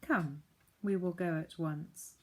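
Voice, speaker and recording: A woman reading the part of a smooth, menacing prince who stays courteous while he threatens. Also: lowish voice, slow. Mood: silkily threatening. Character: smooth menacing adult male prince, falsely polite.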